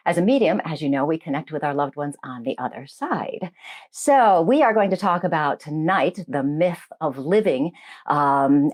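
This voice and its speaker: Chatty woman hosting a spiritual show. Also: sits low. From United States. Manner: chatty, greets viewers by name, laughs easily. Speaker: radio show host, medium and life coach. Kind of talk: casual spiritual talk to a live audience.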